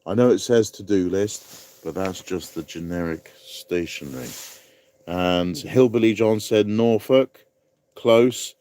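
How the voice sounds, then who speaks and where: A man's voice: sits low, slow pace, dark tone. A man hosting a casual live-stream quiz, chatty and rambling, laughing at his own asides. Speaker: livestream quiz host.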